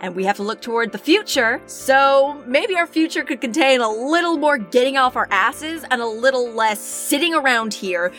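A woman's voice: sits high, expressive, moderate pace, few pauses, fairly bright tone, faint music behind, voice pushed up. A woman voicing a blunt, fed-up young village woman who speaks with exasperation in a tabletop game. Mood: exasperated.

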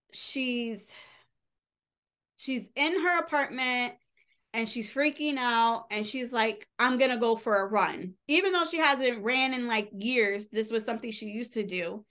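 With a clean, fairly bright voice that's a little high, a woman co-hosting a podcast retells a novel's plot in a chatty, casual book recap. Her telling is full of fillers and quoted dialogue.

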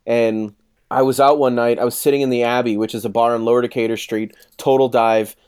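A man's voice: medium pitch, fairly quick, smooth. A man in his thirties telling a rowdy story in casual chat, swearing freely and acting out what others said. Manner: profane, animated storyteller acting out quotes.

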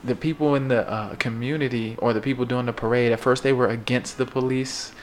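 Male New podcast host, mid pitch, loose and profane storyteller, faint background hum. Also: steady tone, brisk. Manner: loose, swearing, laughs while telling news stories. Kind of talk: casual chat.

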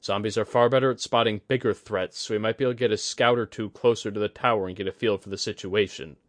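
A man playing an earnest young male samurai commander who speaks in a measured, decisive way. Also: on the low side, fairly even intonation, no room sound, lightly acted.

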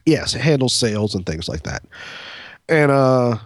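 A man's voice: medium pitch, very animated, a little slow, dry recording, studio quality. A man co-hosting a podcast, telling a long story in a rambling, profane way, full of fillers and restarts. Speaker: podcast co-host. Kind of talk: casual storytelling chat.

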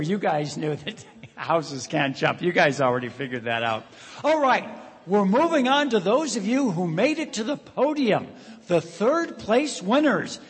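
Man, awards show emcee, husky, high voice, long hall echo, chatty storyteller. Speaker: awards ceremony host. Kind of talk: joking emcee remarks to an audience. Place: large hall before a live audience. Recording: reverberant hall sound.

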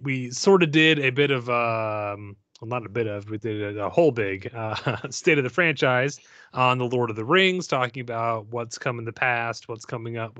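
A man's voice: mid-range voice, a bit bright, no room sound. A man hosting a casual podcast, rambling and joking, with many fillers and laughs. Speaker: podcast host.

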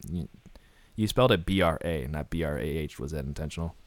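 A man hosting a comedy podcast, reading a silly ad with sarcastic deadpan asides. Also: a bass voice, fairly quick, no echo. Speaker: podcast host.

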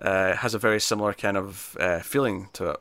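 A man co-hosting a podcast, chatting casually about a TV episode in an animated, rambling way and breaking into quick impressions. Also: low-pitched, dry recording. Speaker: podcast co-host. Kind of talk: casual chat reviewing a TV episode.

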